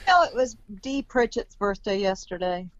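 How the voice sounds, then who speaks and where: A woman co-hosting a live show, speaking quickly and cheerfully. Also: medium pitch, muffled recording. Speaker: co-host.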